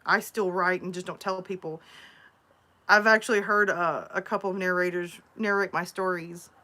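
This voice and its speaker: A woman's voice: on the low side, steady tone, normal speed, bright, forceful tone. Chatty woman telling stories. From Alabama. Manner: chatty, rambling storytelling. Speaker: story narrator and streamer. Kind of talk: casual livestream chat.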